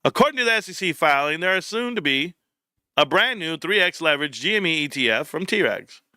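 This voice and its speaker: Lively bright-voiced man riffing on stream. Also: fairly high pitch, a little fast, no echo, clean studio sound. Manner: joking, jumpy, reads chat aloud and riffs. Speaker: livestream host. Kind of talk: casual livestream chat.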